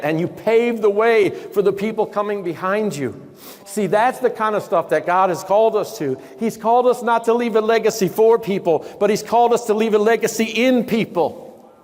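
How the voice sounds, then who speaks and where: A man's voice: high voice, normal speed. Man preaching in an echoing hall. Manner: emphatic, questions the audience, drops to hushed tones. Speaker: motivational speaker. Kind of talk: live motivational sermon. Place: large event hall. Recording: long hall reverb.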